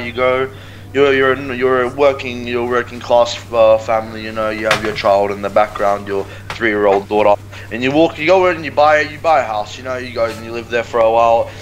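A man's voice: mid-range voice, rough recording. A young man in crude, casual chat with friends, swearing constantly and stammering as he repeats words. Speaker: co-host.

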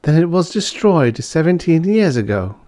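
A man voicing a cool, defiant young woman in a science fiction audiobook, lifting his pitch and speaking curtly. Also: very animated, moderate pace, warm tone.

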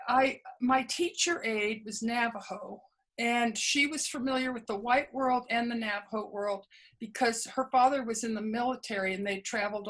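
A woman with a somewhat bright, high-leaning voice is heard through a rough recording. Interviewed as a memoir author, she earnestly recounts past experiences in conversational storytelling, acting out quoted dialogue and often restarting small bits.

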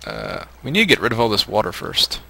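A low, gravelly man's voice with a bright edge, talking casually as he plays a co-op game. He jokes and teases his partner while he thinks aloud about each move. The delivery is loose, unscripted gameplay chat. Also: wildly swooping pitch, fast talker. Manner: teasing and joking, thinking aloud while playing. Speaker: host playing a co-op survival game.

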